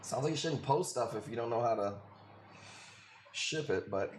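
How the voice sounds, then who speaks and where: A man's voice: medium pitch, expressive, normal speed, background noise. A man hosting a live coral sale stream, chatting casually with viewers in a joking, profane way. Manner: joking, profane, talks to chat.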